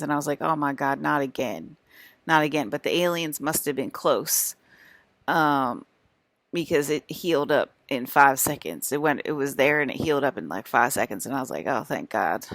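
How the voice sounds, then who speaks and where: Sitting low and a bit bright, this young woman's voice carries a casual, rambling vlog monologue to camera, recorded with no echo. She meanders, repeats herself, and uses many fillers and restarts.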